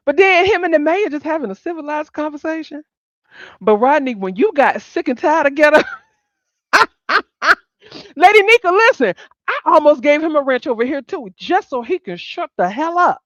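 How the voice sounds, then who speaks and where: Lively blunt woman hosting a stream. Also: sits high, normal speed, dry recording, highs cut off. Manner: animated, blunt and profane, laughs often. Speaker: livestream host. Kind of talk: casual commentary to a live audience.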